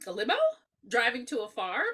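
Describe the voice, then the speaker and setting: A woman co-hosting a podcast, reviewing a horror movie in a casual, animated, profane chat and laughing often. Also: fairly high pitch, brisk, background noise. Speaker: podcast co-host.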